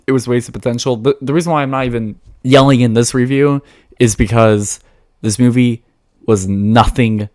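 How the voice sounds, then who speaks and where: A man's voice: medium pitch, steady tone, normal speed, darkish tone. A man giving a casual, blunt film review to his channel, chatty and full of fillers and restarts.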